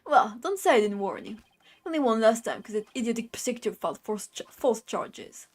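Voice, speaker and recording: A woman's voice: a little high, animated, brisk. Brooklyn-accented tough-guy minister, blustering and threatening, woman doing the voice, gangster drawl. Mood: gruff, menacing. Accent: put-on Brooklyn. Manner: gruff gangster bluster, tags lines with "see?".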